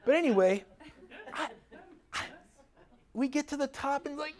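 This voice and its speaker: Middle-aged man, chiropractor giving a relaxed seminar talk; animated, chatty storyteller who laughs easily. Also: very high voice, unhurried, long pauses. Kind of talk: casual seminar talk with personal stories.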